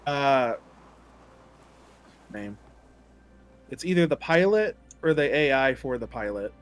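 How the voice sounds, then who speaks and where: A man's voice: medium pitch, expressive, slow pace. Man streamer, laid-back casual chat, dry sarcasm, faint music underneath.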